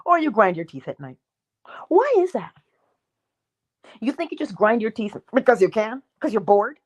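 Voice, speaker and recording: Woman, livestream spiritual talk host; animated, wide-ranging voice, emphatic and chatty, acts out quick dialogues. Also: a little high, highs cut off. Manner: emphatic, conversational, asks the audience questions; acts out little dialogues with herself. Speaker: spiritual teacher hosting a morning livestream. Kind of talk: live-stream teaching talk.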